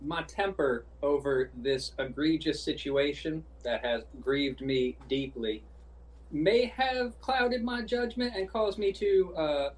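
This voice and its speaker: A man's voice: fairly high pitch, lively intonation, slow pace. A man voicing a courteous, wordy adventurer who talks in formal, flowery phrases, heard from a distant mic. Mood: smooth.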